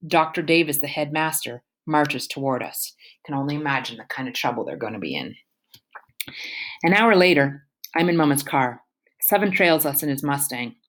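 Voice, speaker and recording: A woman reads a first-person novel aloud in an expressive, emotional way, voicing the characters' feelings. Her voice sits very low for a woman. It sounds like an audiobook narration. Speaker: audiobook reader.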